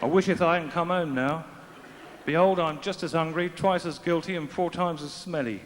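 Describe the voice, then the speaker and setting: A man's voice: a little high, moderate pace, slight background noise, close to an everyday voice. A man reading out a grumbling brother in mock old-fashioned biblical phrasing. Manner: mock King James phrasing, deadpan. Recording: echoey hall, faint ambience.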